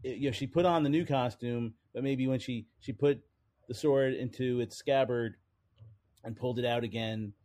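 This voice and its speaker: Mellow-voiced man explaining comic history. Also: medium pitch, steady tone, normal speed. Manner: explanatory, adds trivia with some hesitations. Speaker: podcast co-host. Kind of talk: casual chat about comic history.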